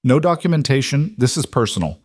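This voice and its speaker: A man's voice: mid-range voice, very animated, brisk, voice pushed up. A man voicing a cool female billionaire CEO who speaks in clipped, commanding lines. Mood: curt.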